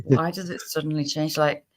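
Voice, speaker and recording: A woman from Cumbria hosts a relaxed livestream, chatting with viewers in a quick northern English accent. Her voice sits a little low and she rattles along fast, laughing easily between lines. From Cumbria, England. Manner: fast-talking, laughs often. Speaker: livestream host. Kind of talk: casual livestream chat.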